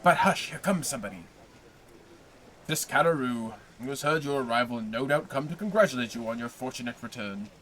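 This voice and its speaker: Man playing an elderly father, frail, gentle, soft-spoken, storybook voice. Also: mid-range voice, animated, fairly quick, slight background noise, natural voice, rough recording. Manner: soft, modest, faltering.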